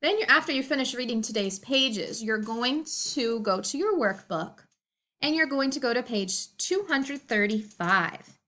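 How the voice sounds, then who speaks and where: A fairly high-voiced woman teacher talks students through their assignments. She explains patiently and step by step, as in recorded homework instructions. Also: animated, unhurried, bright, forceful tone.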